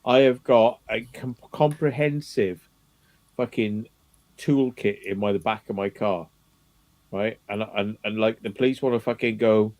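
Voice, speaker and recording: A man's voice: fairly low pitch, a little slow, a little mellow. A man in casual chat, ranting emphatically and swearing a lot.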